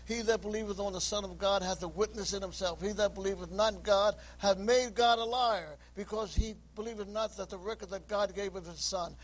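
In a passionate sermon, a man reads scripture in King James language and appeals to sinners, rising to high shouts. His intonation is fairly even, his pace a little fast with hardly any pauses, on a rough recording.

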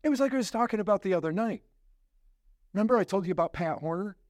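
Male pastor, sermon, lively pitch swings, questions to the congregation, dry close sound. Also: quick pace, no room sound. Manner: preaching with sudden rises and hushed low drops; addresses the congregation directly with questions.

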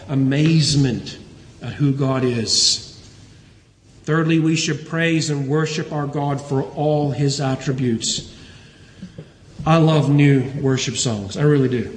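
Preacher, male, earnest and emphatic, somewhat high voice, roomy sanctuary sound. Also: darkish tone, slight background noise. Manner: earnest preaching, quotes scripture, rises in emphasis. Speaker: pastor. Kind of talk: sermon. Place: church sanctuary. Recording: roomy church hall reverb.

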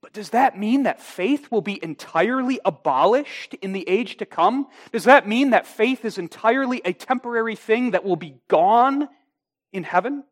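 Man, high voice, pastor, sermon, deliberate, emphatic. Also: lively intonation. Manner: deliberate, emphatic, with slow stressed phrases.

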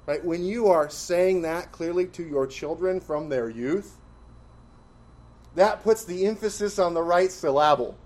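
A man's voice: high voice, measured pace. Emphatic preaching man. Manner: emphatic, rhetorical questions, swings from loud to quiet. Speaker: pastor. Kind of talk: sermon.

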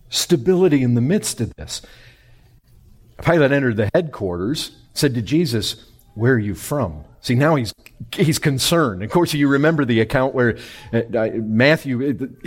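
Man, pastor, sermon, husky, lively swinging pitch. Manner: animated preaching, pitch swings between loud high and quiet low.

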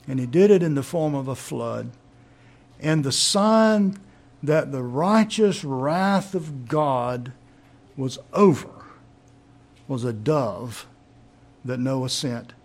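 A man's voice: medium pitch, takes it slowly, vocal fry, pauses often. A man preaching a sermon, teaching in an emphatic way and asking rhetorical questions.

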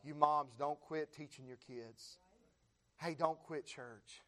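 Man, American preacher, high voice, rhythmic repeated phrases, fervent shouting, church sermon. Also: slow pace. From United States. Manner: congregation answers with amens.

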